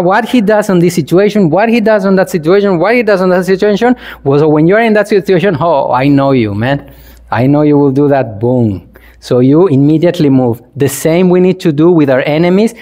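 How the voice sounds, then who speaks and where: A man's voice: high voice, a little mellow. A man, a Buddhist monk, giving a playful dharma talk to a congregation, chuckling and asking the listeners questions in non-native English. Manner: playful, chuckles often and asks the audience questions.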